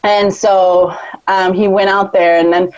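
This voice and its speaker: A woman in her thirties chats on a podcast, acting out the voices in her story with sudden high jumps. Her voice sits in a middle register. The recording is dry and a little muffled. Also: unhurried, no room sound. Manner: animated storytelling, acts out quotes with big pitch jumps. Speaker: podcast co-host. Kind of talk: casual chat.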